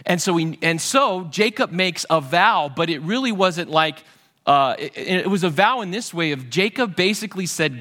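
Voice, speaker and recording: A man preaching a sermon, retelling a Bible story with lively acted-out voices and frequent restarts. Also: sits high, normal speed. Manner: animated storytelling, acting out Bible characters' voices. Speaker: pastor.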